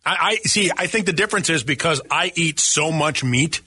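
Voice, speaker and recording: A man's voice: fairly high pitch, lively intonation, normal speed, pushed and bright. A man co-hosting a radio talk show, joking and chatting casually while eating on air in the studio. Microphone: studio microphone.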